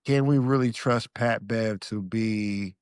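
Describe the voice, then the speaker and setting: A former pro basketball player from Alaska, guesting on a podcast, tells stories in a low, dry voice at an unhurried pace. The sound is clean with no room echo, and he's a lively, slangy, relaxed storyteller who acts out the lines he once said.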